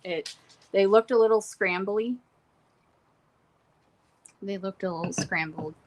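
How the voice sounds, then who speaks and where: A young adult woman casually recapping courtroom notes from home, reading quotes and adding quick asides. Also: mid-range voice. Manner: reads court quotes then adds asides. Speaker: trial reporter. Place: home room with pets.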